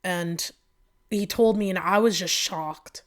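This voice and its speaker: A young woman, a podcast guest, telling a personal story with lots of fillers and quoted back-and-forth, emotional and animated. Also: on the low side, takes it slowly. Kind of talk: candid storytelling.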